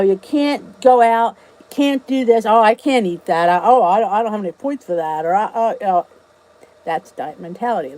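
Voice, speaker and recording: A woman's voice: a little high, dark tone, low-quality recording. Chatty, emphatic woman from New Jersey. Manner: chatty and emphatic, repeats key points. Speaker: vlog host answering live chat. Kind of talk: casual live chat.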